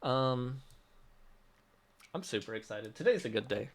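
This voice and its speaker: A man, an app developer running a release livestream, reads out questions from chat and answers them casually and cheerfully, laughing and restarting often. He has a mid-range voice with lively intonation and a slightly slow pace.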